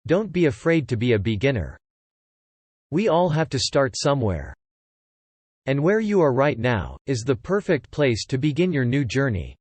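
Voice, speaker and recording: Man narrating a tutorial, dry and lively. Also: mid-range voice, moderate pace, husky, no room sound. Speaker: online marketing tutor.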